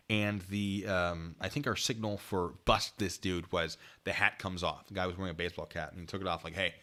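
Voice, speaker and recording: A young adult man casually telling funny stories from his time as a military police officer, acting out the voices of the people in them. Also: deep voice. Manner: animated, acts out quoted voices; self-described deadpan humor. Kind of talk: casual storytelling chat.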